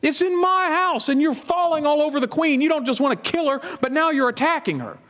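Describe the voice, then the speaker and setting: A man's voice: extremely high pitch, lively intonation, a little fast, pitched above the performer's own voice. A man doing a furious, indignant king. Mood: outraged. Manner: shouting indignant questions. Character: enraged ancient male king, outraged and loud.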